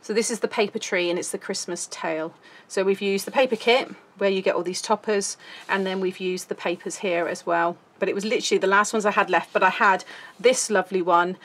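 A woman's voice: mid-range voice, steady tone, fairly quick, fairly bright tone. A British woman hosting a craft tutorial, chatty and giggly, rambling a little as she talks through her work. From United Kingdom. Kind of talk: casual craft tutorial chat.

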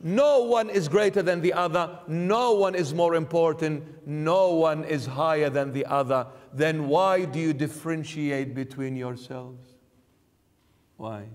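A man's voice: on the high side, a little slow, in a large hall. A man giving a sermon as a bishop, emphatic and full of rhetorical questions. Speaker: bishop preaching. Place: church.

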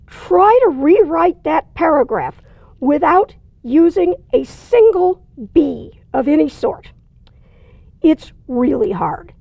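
Writing teacher lady, very high voice with some gravel, chatty explaining, dry sound. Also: dry recording, muffled recording. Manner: plain, conversational explaining with dry asides. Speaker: writing instructor. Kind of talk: recorded lecture.

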